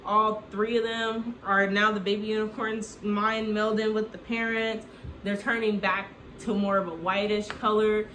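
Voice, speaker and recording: Her mid-range, fairly bright voice carries a woman's rambling, comedic film retelling as a recap host, full of "like" with the occasional swear word. The echoey recording has a little hiss or hum.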